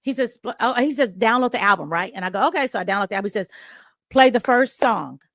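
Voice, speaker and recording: A middle-aged woman, a radio host, telling a story in an interview and acting out the dialogue with big jumps in pitch. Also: rapid-fire, pushed and bright, dry recording, clean studio sound. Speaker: radio host and podcast guest.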